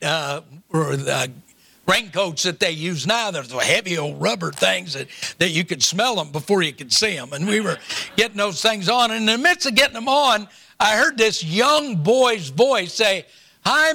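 A man's voice: high-pitched, creaky, bright, forceful tone. An older man preaching a sermon, telling a folksy family story with humorous asides before turning to scripture. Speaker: pastor.

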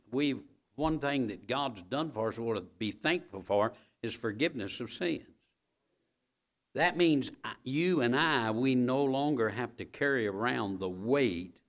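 A man preaching a sermon, addressing the congregation directly, repeating key phrases and building to loud, emphatic peaks. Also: medium pitch. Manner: talks straight to the congregation with asides like "all right?".

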